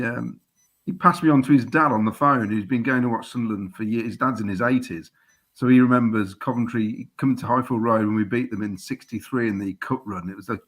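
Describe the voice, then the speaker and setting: A man's voice: medium pitch, slightly rough. A man talking as a guest on a football fan show, a chatty storyteller with many fillers. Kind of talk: casual football chat.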